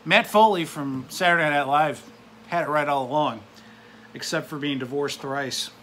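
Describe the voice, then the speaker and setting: A man's voice: a little high, normal speed, fairly bright tone, slight background noise. A man from the United States venting in an angry, profane, sarcastic rant to camera. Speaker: vlogger. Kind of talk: angry ranting monologue.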